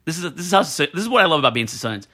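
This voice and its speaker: A man spins an anecdote for a podcast at a quick clip, his voice bright and forward. He's animated and slips into impressions of the people he talks about, keeping it loose and conversational. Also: fairly high pitch. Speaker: podcast guest telling a story. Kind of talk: casual storytelling chat.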